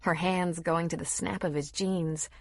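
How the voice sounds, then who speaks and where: Expressive woman narrating a romance audiobook; husky, low-pitched. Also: measured pace, dry recording, clean studio sound. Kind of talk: scripted narration.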